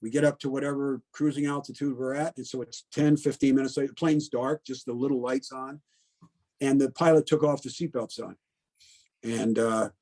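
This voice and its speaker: A man's voice: mid-range voice, a little mellow. A man in his seventies from Connecticut, a veteran telling his story in a plainspoken, blunt way, often in the present tense and with plenty of "you know". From Connecticut, USA. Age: 70s. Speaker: veteran interviewee. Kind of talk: oral history storytelling.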